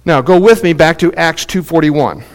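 A man preaching a sermon, teaching in an animated, emphatic way and repeating his points. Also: fairly high pitch, normal speed, long reverb tail. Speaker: pastor.

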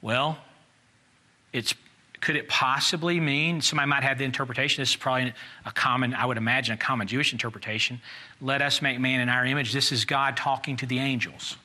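A man's voice: medium pitch, fairly even intonation, fast, pushed and bright. A man leading a Bible study class, thinking aloud in a conversational way and putting questions to the group.

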